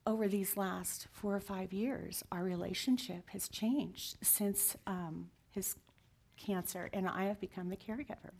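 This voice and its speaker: A woman's voice: medium pitch, fairly even intonation, unhurried, vocal fry. Earnest woman in her sixties. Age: 60s. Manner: earnest and heartfelt, softening to near whispers. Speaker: guest sharing her story. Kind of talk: confessional interview talk.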